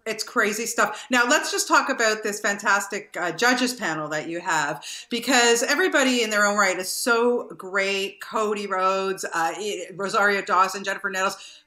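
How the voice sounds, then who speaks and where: A woman's voice: medium pitch, lively intonation, a little slow, sharp tone. A woman hosting an online interview, enthusiastic and chatty with many fillers. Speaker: interview host. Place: Canada. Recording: roomy echo.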